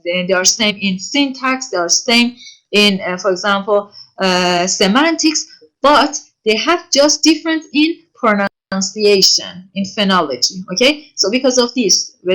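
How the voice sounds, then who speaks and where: A woman lecturer giving an online class, answering written questions from students and speaking haltingly with frequent pauses and self-corrections. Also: medium pitch, lively intonation, a bit bright. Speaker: university lecturer.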